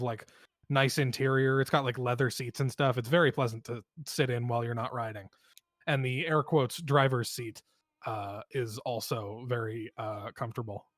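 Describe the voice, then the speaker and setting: Relaxed male game master, mid-pitched, loose and rambly, dry close sound. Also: no room sound. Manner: relaxed, rambling with many fillers. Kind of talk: narrating a tabletop game.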